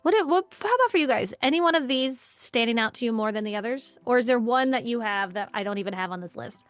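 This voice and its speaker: Fast-talking and fairly high-pitched, this workshop leader is recorded with no room sound. She runs a live online workshop in a loose, chatty style, with animated, playful voices for the dialogue she quotes and plenty of conversational asides.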